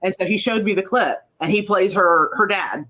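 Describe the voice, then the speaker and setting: Guy talking about his indie cartoon, bright kinda sharp voice, lots of ums. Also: high-pitched, normal speed, low-quality recording. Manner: chatty, lots of ums, acts out quotes. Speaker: indie animation creator. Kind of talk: casual interview chat.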